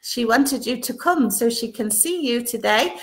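A woman's voice: fairly high pitch, animated, moderate pace, a little hiss or hum. A woman hosting a casual live stream, reading viewer comments aloud and adding Arabic blessings between them.

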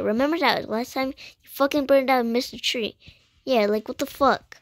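A woman's voice: high voice, normal speed, no echo. A young woman improvising a fan voice-over for cartoon characters, slangy and swearing constantly, often dropping to a whisper. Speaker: amateur voice-over artist.

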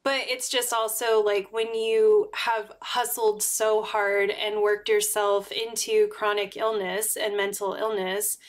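A woman's voice: mid-range voice, level tone, slow pace, hardly any pauses. Woman, livestream host, casual chat, blunt, swears a lot, filler words. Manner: candid, swears freely, many fillers.

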